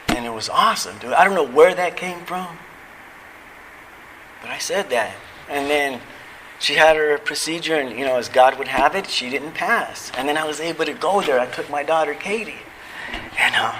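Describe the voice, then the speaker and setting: A middle-aged man with a medium-pitched voice gives a heartfelt personal testimony at a recovery convention, with background noise around him. He tells his story casually in a convention hall, dropping slang like "man" and "dude".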